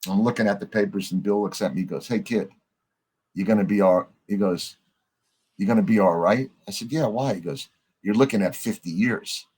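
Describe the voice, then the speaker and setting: A middle-aged man, a podcast guest, telling a story in a lively way, acting out the lines of the people in it and swearing casually. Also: on the low side, fairly quick, breathy edge. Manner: animated storyteller, acts out quoted dialogue, swears casually.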